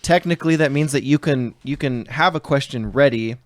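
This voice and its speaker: A man's voice: mid-range voice, brisk, dry recording, poor audio. Casual man running a tabletop game. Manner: explanatory, casual, says "you know" a lot. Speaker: game master.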